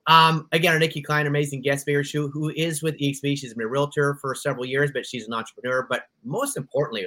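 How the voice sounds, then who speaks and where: An enthusiastic man co-hosting a podcast, talking in a loose, chatty way and drifting off on tangents. His voice is bright and forward, and his pitch sits at an ordinary male level. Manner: enthusiastic, easily sidetracked. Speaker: podcast co-host. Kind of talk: casual podcast chat.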